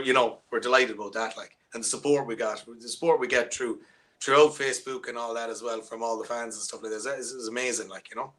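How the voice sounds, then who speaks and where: Bright-voiced Irish musician, rambling. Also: male voice, medium pitch. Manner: rambling, with many restarts and fillers. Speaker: musician guest. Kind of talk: casual interview chat.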